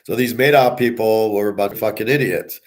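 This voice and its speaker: A man's voice: on the low side, a little fast. A man giving a profane, scornful monologue as a sports handicapper and commentator, talking bluntly. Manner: blunt, scornful, swearing often.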